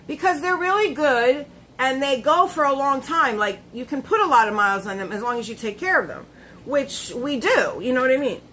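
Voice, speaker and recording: High bright chatty woman live streamer. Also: slight background noise, low-quality recording. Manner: chatty, greets viewers by name, laughs often. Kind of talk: casual live-stream chat.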